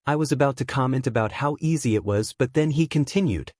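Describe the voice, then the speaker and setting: A man's voice: medium pitch, fast talker, darkish tone, no echo. Man reading a fan story, dry close sound. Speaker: narrator.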